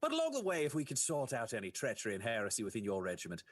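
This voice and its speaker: A man's voice: medium pitch, huge pitch swings, rapid-fire. A man voicing a courteous, commanding male Inquisitor during a tabletop role-play, speaking in a polite, formal and reassuring manner.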